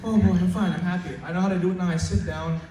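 A male student in his late teens doing stand-up comedy at school, chatty and stammering, loudly acting out his teachers. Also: high-pitched, fairly even intonation, fast talker. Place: school hall with an audience. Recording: echoey hall recorded from far off. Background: audience laughter and room noise.

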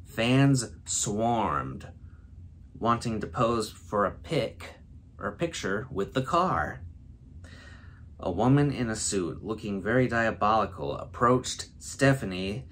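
A man's voice: on the low side, fairly bright tone, slight background noise. A man hosting a comedy show, reading a fill-in-the-blank story aloud and stumbling over the silly words. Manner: breaks into laughter mid-read, stumbling over silly words. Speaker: host. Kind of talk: comedic read-aloud of a word-game story.

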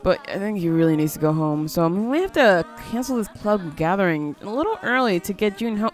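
A woman's voice: mid-range voice, lively intonation, fairly quick, soft background music. A woman giving casual let's-play commentary, chatty and easily surprised, coaxing her game character along. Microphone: headphones on, desk mic.

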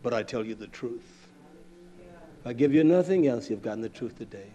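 Brief: male preacher, blunt, conversational sermon delivery, mid pitch. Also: expressive, brisk, warm tone, dull audio. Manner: conversational, plain-spoken, acts out scenes.

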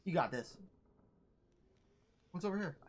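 A man's voice: fairly high pitch, lively intonation, unhurried, breathy edge. A young man casually commentating a video game, bossily coaching and teasing the player while swearing a lot. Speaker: gaming channel host coaching a player. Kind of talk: casual let's-play commentary.

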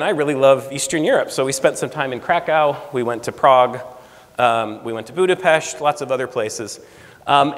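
An American man in his forties gives a storytelling talk as a guest speaker in a lecture room. He tells his stories in a lively way and acts out the quoted dialogue in a mid-range voice. The recording carries the reverberation of a lecture hall.

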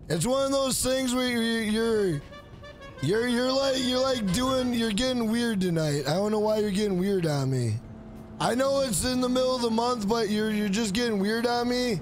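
High-voiced male streamer chatting to his viewers. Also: moderate pace, soft background music. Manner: talks straight to chat, repeats "bro" often. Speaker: live streamer. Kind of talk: casual live-stream chat.

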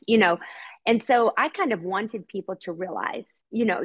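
Husky middle-aged woman, heartfelt and chatty. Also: mid-range voice, highs cut off. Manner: heartfelt and chatty, laughs often, acts out quoted people. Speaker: guest, mother of an autistic son. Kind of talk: candid podcast conversation.

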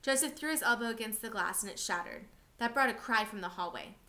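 A woman reading a novel aloud for a class, steady and expressive. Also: on the high side, brisk.

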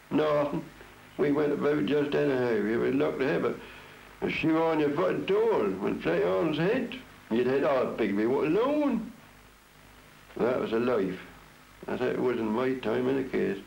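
Gravelly old Norfolk countryman. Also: medium pitch, darkish tone. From Norfolk, England. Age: 70s. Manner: blunt, repeats himself. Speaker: interviewee, traditional folk singer. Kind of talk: plain reminiscing in conversation. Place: his own home. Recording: dull lo-fi 1962 home tape with hiss.

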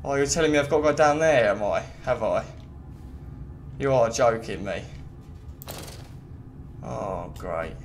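A man's voice: mid-range voice, measured pace, pauses often, soft background music. A young man giving casual let's play commentary, chattering to himself and the game. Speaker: gaming youtuber.

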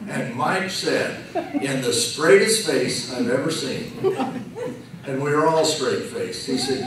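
A man giving a slow, joking farewell speech at a retirement reception, telling stories with punchlines. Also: medium pitch, expressive, a crowd in the background. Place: banquet room. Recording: echoey room from far off.

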